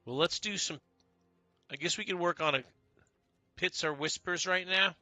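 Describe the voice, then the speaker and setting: A man's voice: sits high, moderate pace, bright, forceful tone, dry recording, soft background music. A man streaming a video game, chatting casually and greeting viewers by name. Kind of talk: casual livestream chat while playing.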